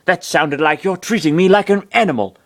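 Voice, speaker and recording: A man's voice: high-pitched, brisk, pitched above the performer's own voice. A man doing a cheery boastful doctor in a console. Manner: upbeat, boastful, taunting. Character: cheerful male doctor living inside a handheld game console.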